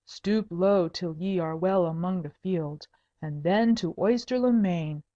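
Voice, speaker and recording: A woman voicing a scheming nobleman who gives curt, low orders to his men, in an audiobook. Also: a little slow, warm tone, lo-fi sound, close to an everyday voice. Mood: commanding. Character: scheming nobleman disguised as a dragon.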